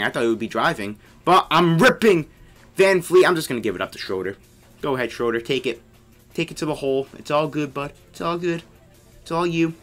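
A young man giving casual commentary over his own basketball video game play, excitable and yelling at teammates. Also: mid-range voice. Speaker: gaming YouTuber.

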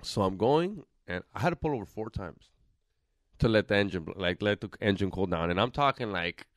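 A man's voice: on the low side, fairly quick, dry recording. A young man, telling a rambling road-trip story in casual podcast chat and slipping in Spanish slang. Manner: animated storyteller, mixes in Spanish slang and quoted voices. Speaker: podcast co-host. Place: podcast studio.

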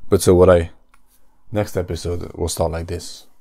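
Brief: male podcast host, very deep and gravelly, unhurried deadpan musing. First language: French. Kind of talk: casual solo podcast musing.

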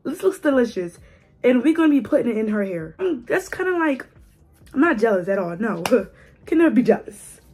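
A young woman in her twenties chatting casually to camera as a beauty vlogger, her voice raspy from a cold, playful and teasing. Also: on the high side, big pitch swings, moderate pace, a little mellow. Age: 20s. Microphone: phone camera.

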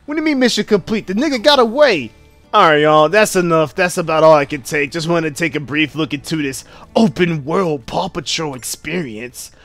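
A man's voice: on the high side, normal speed, a bit bright, soft background music. A young man hosting game commentary, brash, profane and mocking as he plays. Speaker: gaming channel host.

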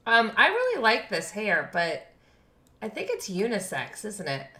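Bubbly female streamer chatting with chat; bright tone, slow easy pace. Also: medium pitch, huge pitch swings, roomy sound. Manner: bubbly, reads and thanks chat, laughs often. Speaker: game streamer. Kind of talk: live game stream chat. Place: home room.

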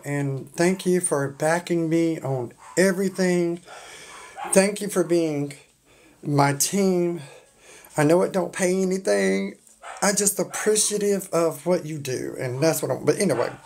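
A woman with a drawl hosts a casual live stream from her phone. Her voice sits slightly low, and she chats loosely while greeting viewers by name. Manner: warm-hearted, greets viewers by name, chatty. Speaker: livestream host. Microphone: phone on a stand.

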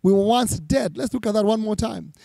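A high, mellow, creaky-voiced pastor moves fairly quickly through a sermon, reading scripture and repeating key lines for emphasis. The recording is dry and close, without room sound.

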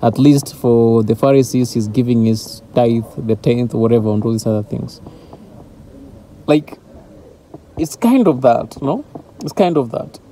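Man, christian teacher, informal devotional talk, warm mellow tone, faint background noise, earnest, repetitive. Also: medium pitch, animated, unhurried, long pauses.

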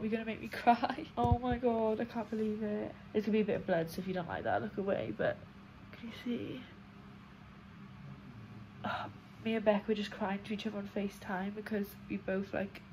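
A young woman vlogging chattily from a hospital room while recovering from nose surgery, filmed on a phone. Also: mid-range voice. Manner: chatty, emotional, laughs often. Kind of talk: casual vlog to camera. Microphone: phone camera. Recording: noisy phone recording.

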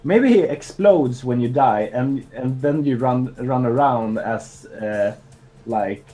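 A man's voice: medium pitch, slow pace, mellow, faint music behind. A man chatting jokily with a co-worker while developing a game, riffing and breaking into silly sing-song lines. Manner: silly, jokey, bursts into mock singing. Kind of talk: casual banter while working.

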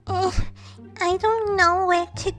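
A woman acting out a scared little girl doll in a doll play story, stammering through sobs. The voice is very high and bright and moves slowly. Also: steady tone, soft background music, full character voice. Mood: tearful. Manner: sobbing, stammering. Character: small lost girl doll, scared and tearful.

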